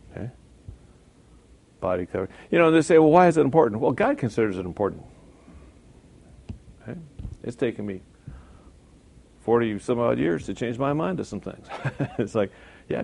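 Male preacher, gravelly, conversational delivery with sudden loud emphasis and acted-out quotes. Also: on the low side. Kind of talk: sermon.

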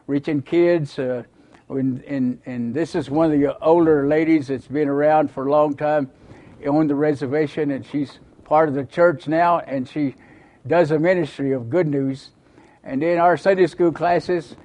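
A man's voice: on the high side, darkish tone. A male pastor giving an earnest, folksy mission report to a church while showing slides.

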